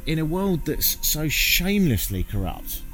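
A man's voice: fairly high pitch, very animated, unhurried, a bit bright. A British man talking to camera while walking outdoors in a small mountain town, chatty and wry, swearing now and then, with earnest moments, faint music behind. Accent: British English. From Britain. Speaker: vlogger. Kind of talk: walking vlog monologue.

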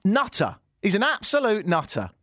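British male radio host, sarcastic comic monologue, swoops all over his pitch, dry close studio mic. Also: moderate pace, no room sound. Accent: British English. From Britain. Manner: sarcastic, animated, mock-outraged rants. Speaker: radio talk show host. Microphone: studio microphone.

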